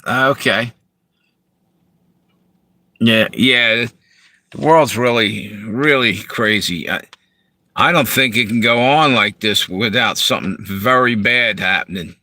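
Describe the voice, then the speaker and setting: A man from Delaware talks loosely to viewers on a live stream from inside his parked car. His voice is bright and forward, and it sounds dry and close. He drifts between topics and pauses to read out comments. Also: medium pitch, dry recording. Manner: relaxed, rambling, reads out viewer comments. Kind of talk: casual live stream chat.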